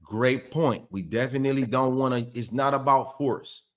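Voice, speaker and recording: A man's voice: medium pitch, moderate pace. A man in casual conversation, explaining dog training earnestly and often repeating words as he searches for them.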